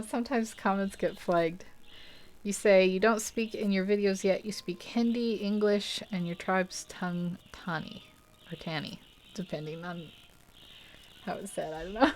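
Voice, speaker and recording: A woman's voice: medium pitch, slight background noise. A young woman hosting a live art stream, chatting casually and rambling while she paints, laughing often and poking fun at herself. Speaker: art livestream host.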